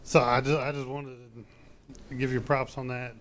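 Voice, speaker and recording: A man from the audience at a convention panel asking a question, halting and hesitant. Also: mid-range voice, flat delivery. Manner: hesitant, halting, many fillers.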